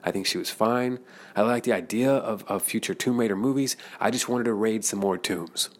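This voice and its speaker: Rambling podcast host, low voice. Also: male voice, normal speed. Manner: rambling, repeats words, laughs often. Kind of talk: casual podcast chat. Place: restaurant.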